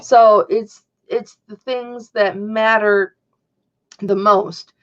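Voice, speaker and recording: A woman's voice: mid-range voice, steady tone, extremely slow, fairly bright tone, lo-fi sound. A woman hosting a casual livestream, talking in a chatty, rambling way and answering viewers' chat. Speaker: livestream host. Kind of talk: casual chat to a live audience.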